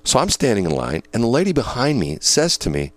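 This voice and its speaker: A man hosting a casual chat, telling a story in an animated way with many fillers. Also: medium pitch, brisk, dry recording.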